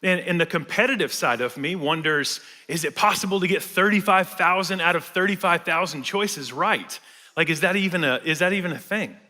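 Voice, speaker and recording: A man with a high, bright voice gives a sermon, chatty and loose, full of little fillers and jokes. His voice rings out through a large church hall with a long reverb tail. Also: brisk. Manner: casual, conversational preaching with fillers and humor. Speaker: pastor.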